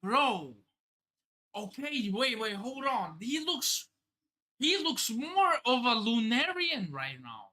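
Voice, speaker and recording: An animated man streams a live reaction to a new manga chapter, reading the panels aloud and breaking into excited, profane outbursts. His voice is bright and lively, swinging through a wide range, while his delivery stays unhurried and drawn out. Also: very high-pitched. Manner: excitable, swears, narrates pages aloud.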